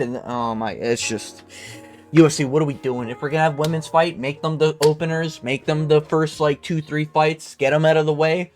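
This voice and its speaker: A man's voice: on the high side, steady tone, moderate pace, faint music behind. A young man from Canada ranting casually and bluntly about fight results, crude and rambling with lots of fillers. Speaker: MMA commentator reviewing fight results. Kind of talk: casual profane rant.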